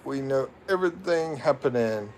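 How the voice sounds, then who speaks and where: A man's voice: medium pitch, lively intonation, normal speed, darkish tone, a little hiss or hum. A man with an American accent hosting a casual livestream, rambling and reading viewer comments, laughing at himself. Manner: rambling, self-mocking, laughs often. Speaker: livestream host. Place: home in the Philippines.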